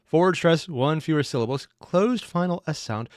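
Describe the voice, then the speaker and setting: A man's voice: fairly high pitch, animated, moderate pace, a little mellow, dry recording, studio quality. A man in his thirties hosting a reaction video, chatting casually with self-mocking asides. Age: 30s. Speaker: reaction channel host.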